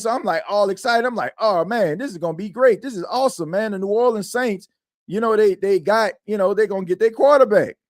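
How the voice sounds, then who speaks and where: A man's voice: sits high, dry recording, studio quality. Rambling man hosting a sports podcast. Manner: rambling, repetitive, slangy. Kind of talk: casual chat.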